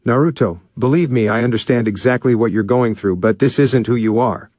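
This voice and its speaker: A man's voice: medium pitch, a little fast, darkish tone, dry recording, lightly acted. Man reading as a pleading young hero, urgent, dry close sound.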